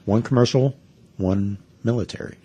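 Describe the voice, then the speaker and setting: Low, husky podcast man reading news. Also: warm tone. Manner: dry, easygoing, reads reports in measured tone. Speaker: podcast co-host. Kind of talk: casual chat, reading news aloud.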